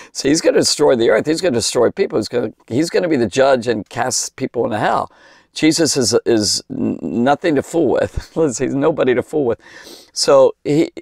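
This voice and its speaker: A man's voice: mid-range voice, gravelly, no echo, clean studio sound. A man giving an informal, folksy Bible teaching for children, rambling and breaking into emphatic exclamations.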